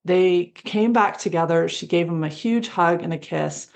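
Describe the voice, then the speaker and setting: A woman's voice: on the low side, moderate pace, vocal fry. A woman guest in an interview, telling a story animatedly and acting out the dialogue. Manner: animated, acts out quoted dialogue with laughs.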